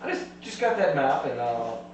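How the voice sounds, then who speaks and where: A man's voice: medium pitch, very animated, normal speed. A man playing a tabletop game, stating his actions casually and decisively, recorded from a distance in an echoey room with hum. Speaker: player.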